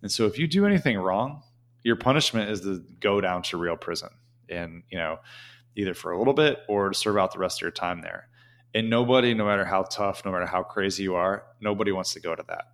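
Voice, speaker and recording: A man's voice: sits low, a little fast, a bit bright. A man telling a casual, rambling story as an interview guest, with many "you know" fillers.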